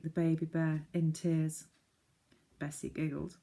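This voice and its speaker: A woman narrating a children's storybook with gentle, clear reading. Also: sits low, flat delivery, unhurried. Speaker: audiobook narrator.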